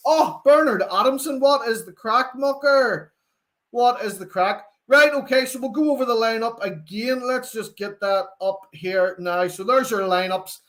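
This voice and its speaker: Young Northern Irish male host, lively fan chat, higher-pitched delivery. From Northern Ireland. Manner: chatty, animated, reads out viewer comments. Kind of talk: live football watchalong chat.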